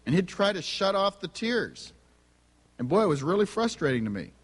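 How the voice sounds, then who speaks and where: A man's voice: high voice, sing-song, moderate pace, breathy edge. Man telling family stories in a reverberant hall. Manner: humorous storytelling, acts out family dialogue. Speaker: speaker on family and spiritual gifts. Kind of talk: sermon with personal stories. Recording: long reverb of a large hall.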